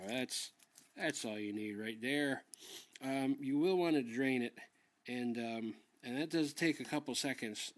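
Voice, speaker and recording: Rambling, stammering comic cooking host. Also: male voice, mid-range voice. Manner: rambling, stammering, drunkenly argumentative; heavy swearing. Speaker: comedy cooking show host. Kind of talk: comedy sketch monologue.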